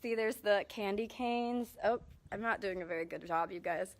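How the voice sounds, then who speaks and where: A young singer-songwriter with a mid-range voice chats at a moderate pace during a home live stream, indoors and outdoors, speaking into the phone she holds. Her talk rambles, full of apologies, fillers, and false starts.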